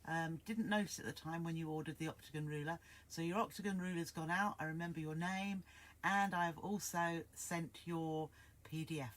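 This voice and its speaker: A woman's voice: low-pitched, steady tone, normal speed. A woman hosts a live sewing stream from home. She chats casually and rambles, stopping to greet viewers by name. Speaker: sewing livestream host. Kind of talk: casual livestream chat.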